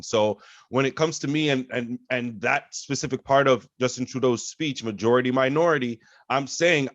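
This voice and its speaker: A man's voice: medium pitch, no room sound, highs cut off. A man co-hosting a podcast, making his point earnestly and repeating phrases for emphasis. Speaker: podcast co-host. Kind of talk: casual podcast chat.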